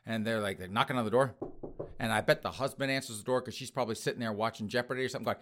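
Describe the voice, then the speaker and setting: A man hosting a podcast, telling a comic story in an animated way and calling out to his listeners. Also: mid-range voice, rapid-fire. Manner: animated, addresses listeners as folks. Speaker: podcast host.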